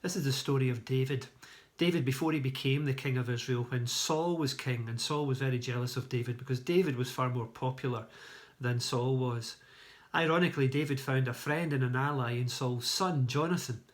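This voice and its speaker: A man's voice: mid-range voice, a little fast. A man from a church reading a Bible story aloud, adding plain storytelling asides as he goes. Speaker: church leader.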